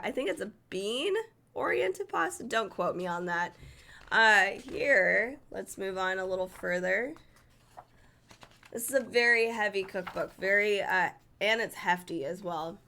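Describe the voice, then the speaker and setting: Bright-voiced woman chatting through a cookbook. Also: medium pitch. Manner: chatty, enthusiastic, stumbles over Italian names. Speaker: cookbook reviewer. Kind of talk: casual book flip-through.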